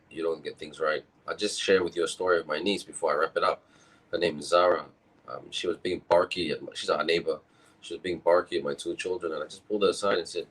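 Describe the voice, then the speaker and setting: A man from Malaysia with a croaky, tired voice, giving an earnest, rambling personal talk from home. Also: low-pitched, fairly bright tone, low-quality recording. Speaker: event speaker. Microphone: own camera and microphone setup.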